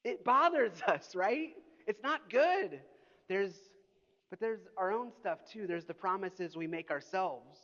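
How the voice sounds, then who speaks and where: A middle-aged pastor delivers a sermon, telling stories with animated, mock-indignant energy. His voice sits high for a man. The sound is a little dull, and his words ring out in a large hall with long reverb. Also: unhurried. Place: church auditorium.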